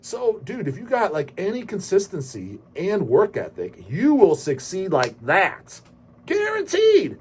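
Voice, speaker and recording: A man hosting his own channel, delivering a brash, profane rant full of emphatic swearing and sudden loud bursts. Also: high voice, huge pitch swings, measured pace, a little hiss or hum. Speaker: channel host. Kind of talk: profane ranting monologue.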